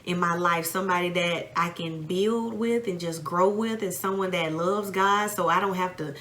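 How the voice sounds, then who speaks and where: A Southern American woman in her thirties talks in a relaxed, thoughtful way. Her voice sits fairly low but sounds bright. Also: moderate pace. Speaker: podcast co-host. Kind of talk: casual chat.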